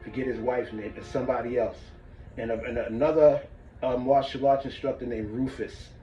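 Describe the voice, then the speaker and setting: A man's voice: medium pitch, fairly even intonation, moderate pace, mellow, roomy sound, faint music behind. Man, martial arts instructor, casual demo talk, muffled and far from the mic. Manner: casual, demonstrates as he talks, checks in with "all right?". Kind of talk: demonstrating breathing technique.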